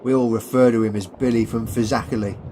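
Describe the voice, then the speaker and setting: A man voicing a calm, sly English soldier who makes quiet veiled threats. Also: medium pitch, brisk, slight background noise, lightly acted.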